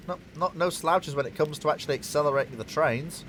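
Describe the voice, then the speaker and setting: A man's voice: a little high, quick pace, hardly any pauses, a bit bright, slight background noise. A man casually commenting while he plays a strategy game on a live stream, rambling and talking to himself and to the game. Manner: rambling, talks to himself and the game, self-mocking.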